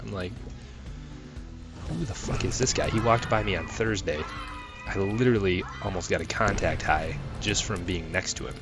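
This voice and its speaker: A young man with a low, deep voice chats loosely while he plays, telling stories and cursing freely. He swings between flat, offhand remarks and sudden angry bursts at the game. Loud music plays clearly under his voice. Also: normal speed. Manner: swears a lot, rambling, flares into angry outbursts. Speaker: gaming channel host. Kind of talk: casual gameplay commentary. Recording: music playing loudly behind.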